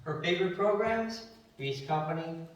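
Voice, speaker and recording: A man's voice: a little high, animated, moderate pace, highs cut off. A man giving a memorial eulogy, telling rambling family anecdotes and acting out the voices he quotes. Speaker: eulogy speaker. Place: memorial service hall. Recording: very echoey hall, distant from mic.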